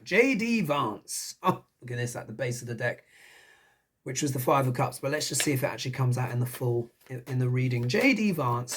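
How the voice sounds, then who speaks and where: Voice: medium pitch, a little hiss or hum. A tarot reader giving a casual, musing reading, talking it through aloud and often tossing in rhetorical questions.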